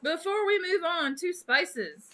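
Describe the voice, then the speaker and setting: Chatty high-voiced woman streamer. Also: animated, slow, sharp tone. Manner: chatty, reads out chat and greets viewers by name, laughs often. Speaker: live stream host. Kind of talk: casual live-stream chat with viewers.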